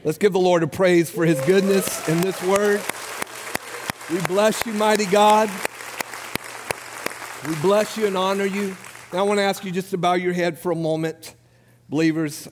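A man preaching a sermon, giving a numbered list with rising emphasis and then leading the congregation in prayer. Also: fairly high pitch. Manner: preaching with rising emphasis and a quiet, slowed close. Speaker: pastor. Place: church sanctuary. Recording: long hall reverb.

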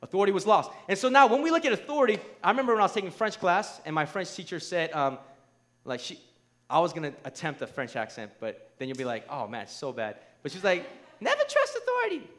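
A man with a high voice preaches a sermon. He talks conversationally, often checking in with his listeners, and drives his points home with rising, emphatic force. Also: animated, quick pace. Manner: emphatic, rising to near shouts; conversational, asks the crowd "right?".

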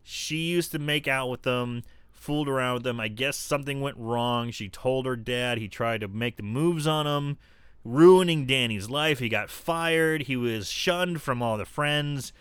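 A man's voice: mid-range voice, a little slow, a bit bright, clear, resonant tone, dry recording, clean studio sound. A man casually recapping a horror film on a podcast, swearing freely and putting on mocking voices for the characters. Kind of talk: casual movie recap chat.

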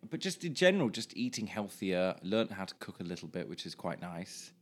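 A man's voice: low-pitched, very animated, fairly quick. A man co-hosting a podcast, chatting casually with dry, self-mocking humor. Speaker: podcast co-host. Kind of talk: casual chat.

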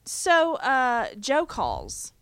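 A woman's voice: high-pitched, very slow, smooth. A woman co-hosting a podcast, sounding stuffy and chatty as she recaps a TV episode with a lot of fillers. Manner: chatty, animated, lots of fillers. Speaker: podcast co-host. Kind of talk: casual chat recapping a TV episode.

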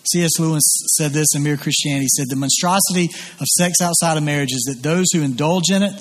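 High, husky-voiced preacher in a reverberant hall. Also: male voice, fast talker. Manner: earnest, emphatic preaching with repeated restarts. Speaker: pastor. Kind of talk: sermon.

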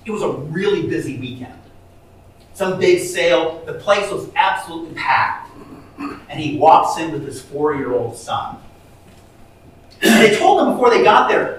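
A man's voice: on the high side, expressive, a little slow, long pauses. A man preaching a sermon, telling a story with many restarts and rising to emphatic peaks. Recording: echoey hall from far off.

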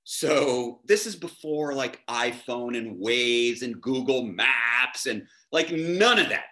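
Bright-voiced man telling a lively anecdote. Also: mid-range voice, slow. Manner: animated, acts out dialogue in his anecdotes. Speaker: chef guest. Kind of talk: casual storytelling.

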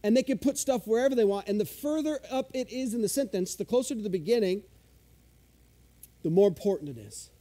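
A male pastor with a fairly high, mellow voice delivers a sermon in a relaxed, chatty way. He pokes fun at himself and gets eager when he explains the Greek words behind a verse. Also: a little fast. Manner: conversational, self-deprecating, explains Greek words with excitement.

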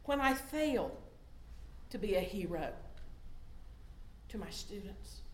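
A middle-aged woman giving a sermon in a conversational way, swinging from loud emphasis down to soft, hushed tones. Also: medium pitch, expressive, slow, echoey room. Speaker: lay preacher.

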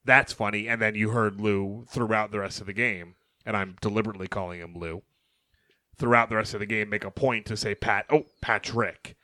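A young man co-hosting a sports podcast, animated and talking over his co-host as he recaps games. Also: fairly low pitch, fairly quick, no room sound. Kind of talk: casual sports chat.

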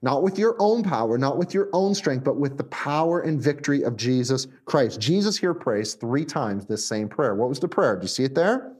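A man preaching a sermon, animated, shifting between emphatic lines and hushed ones. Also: medium pitch, moderate pace, hardly any pauses, breathy edge. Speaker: pastor. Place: recorded for viewers at home.

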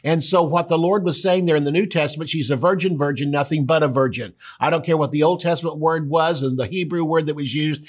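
A man preaching a sermon, emphatic, rising and speeding up to stress his points. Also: on the high side. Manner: emphatic, rises and quickens when stressing a point.

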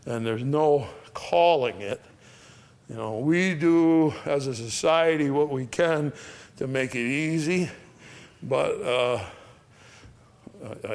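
An older man speaking plainly and gently, telling stories about death and dying with many pauses. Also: mid-range voice. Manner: folksy, plain-spoken, gentle with frequent pauses. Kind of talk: casual storytelling talk.

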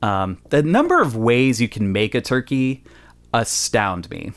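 A man hosting a casual podcast chat, joking and riffing in a playful way. His pitch swings widely from low to high as he talks. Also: very animated, measured pace. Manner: playful, jokey, breaks into silly voices and rhymes. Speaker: podcast host.

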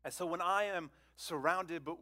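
Man preaching a lively conversational sermon. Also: normal speed. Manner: conversational, repeats words, asks the congregation questions; swings from loud exclamations to hushed low phrases. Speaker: pastor.

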